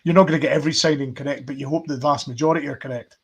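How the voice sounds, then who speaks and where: Husky-voiced man hosting a fan podcast. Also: fairly high pitch, steady tone, racing. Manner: thoughtful, rambling with fillers and sighs. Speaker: podcast host reading viewer messages. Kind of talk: casual football fan chat.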